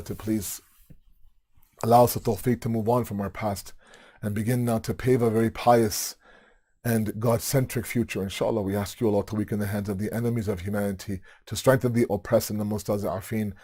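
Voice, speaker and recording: A man giving a mourning sermon in a mosque, telling the tragedy with rising passion and closing in quiet prayer. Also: fairly even intonation, brisk. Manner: rises into high, impassioned recitation of the tragedy, then falls to low, quiet prayer. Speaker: speaker of a mourning majlis. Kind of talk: sermon with tearful mourning narration.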